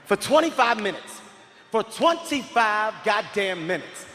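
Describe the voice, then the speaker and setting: High-pitched shouting comedian in echoey hall. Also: male voice, unhurried. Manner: animated, frequently shouting, profane. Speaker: stand-up comedian. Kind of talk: stand-up comedy storytelling. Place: live show in a large venue. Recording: echoey hall with crowd ambience.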